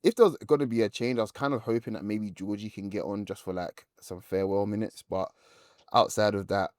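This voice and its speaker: Quick low male pundit, stumbles and restarts, dry close sound. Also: steady tone, darkish tone, no echo. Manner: quick, restarts, fillers like kind of thing. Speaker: podcast regular, called coach. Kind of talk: casual football analysis.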